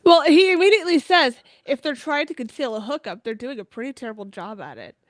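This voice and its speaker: Female co-host, bright higher voice, dry close sound, relaxed banter on a video call. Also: quick pace, no room sound. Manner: easygoing, agreeable, short backchannel replies. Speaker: podcast co-host. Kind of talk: casual book discussion on a live stream.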